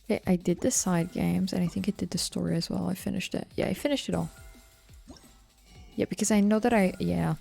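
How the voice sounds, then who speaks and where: A woman streamer chats over her gameplay in a lowish, gravelly voice. She thinks out loud in a relaxed, offhand way, swearing now and then. Her tone is dark and mellow. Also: fairly quick, soft background music. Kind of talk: live-stream gameplay commentary.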